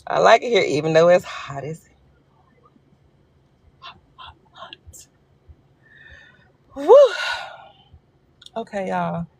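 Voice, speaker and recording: A woman's voice: lowish voice, animated, measured pace, vocal fry, pauses often, breathy edge, dry recording. A woman from Arkansas with a Southern accent, chatting casually and joking with viewers on a phone livestream. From Arkansas, USA. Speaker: livestream host. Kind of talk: casual live chat.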